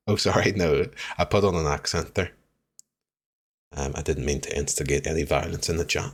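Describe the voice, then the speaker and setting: Very deep-voiced man streaming. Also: fairly even intonation, normal speed. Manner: chatty, swears freely, reacts loudly to the game and chat. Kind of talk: live gameplay commentary.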